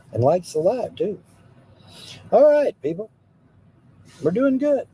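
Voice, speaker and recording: A man hosting a livestream talks unhurriedly to his viewers. His voice sits a little high and mellow, and it swings widely up and down. He jokes playfully and keeps slipping into snippets of song. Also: sing-song, a little slow, long pauses, slight background noise, poor audio. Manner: joking, playful, drifts into sung snippets. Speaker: livestream host and singer. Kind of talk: casual chat with live viewers.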